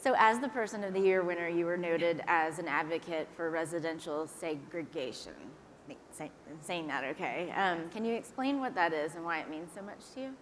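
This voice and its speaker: A woman interviewer who asks short questions and gives brief, friendly prompts. Her voice is a little low. There is faint ambient noise behind her. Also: fairly quick, low-quality recording. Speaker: interviewer, magazine editor.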